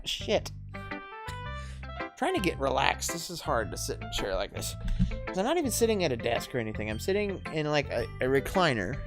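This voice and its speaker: A man's voice: medium pitch, wildly swooping pitch, fairly quick, music in the background. A man reading a visual novel aloud from a recliner in his living room, making casual, joking asides, with a mic close beside him. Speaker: gameplay video host. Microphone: mic right next to him.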